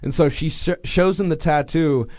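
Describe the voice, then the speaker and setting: Podcast co-host, male, slightly higher voice, loose rambling storyteller. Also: moderate pace, darkish tone. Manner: rambling, full of fillers and restarts. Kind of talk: casual true-crime storytelling.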